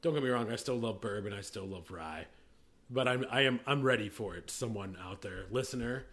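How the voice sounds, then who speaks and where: A man with a bright, forceful voice co-hosting a casual chat about whiskey. He talks loudly, jokes, laughs a lot and swears freely. His delivery is rowdy and unfiltered. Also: fairly low pitch, fairly quick. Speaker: podcast co-host.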